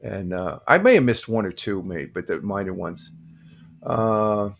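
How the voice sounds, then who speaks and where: A man's voice: lowish voice, unhurried, creaky. Older New York man chatting live. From United States. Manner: rambling, many fillers and restarts, greets viewers by name. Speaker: livestream host. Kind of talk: casual chat with chat readers.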